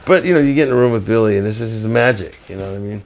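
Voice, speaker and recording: An older man and guest musician telling animated, profane stories in a rambling way, full of restarts. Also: lowish voice, very fast. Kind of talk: casual storytelling.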